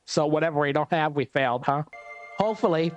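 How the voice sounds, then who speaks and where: A man's voice: a little high, a little fast, faint music behind. Wry man chatting through gameplay. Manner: wry, chatty, thinks aloud. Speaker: gameplay commentator. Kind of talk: casual gameplay commentary.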